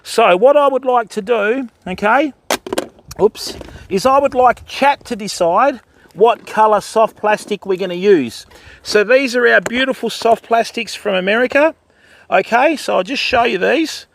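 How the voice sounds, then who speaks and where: Older Aussie man, gravelly and high-pitched, chatty fishing-stream host talking to viewers by name. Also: a little slow. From Australia. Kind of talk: casual livestream chat. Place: outdoors by a river.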